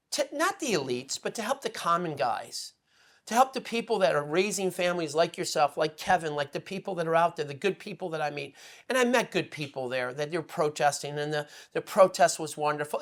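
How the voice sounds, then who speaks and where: A man speaking as a guest on a political talk show, emotional and rambling, swinging between loud outbursts and hushed asides. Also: sits high. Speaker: guest commentator. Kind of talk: impassioned political commentary.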